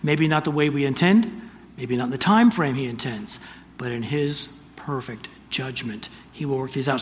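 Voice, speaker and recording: An older man giving a sermon, telling a personal story in an earnest, halting way with restarts. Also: mid-range voice. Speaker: pastor. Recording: distant reverberant hall, faint ambience.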